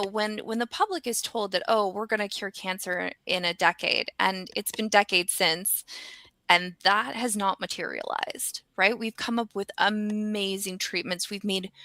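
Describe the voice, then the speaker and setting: An American woman, a scientist and regular guest, chats casually and animatedly, with frequent ums and restarts. Her voice is mid-range, with no room sound.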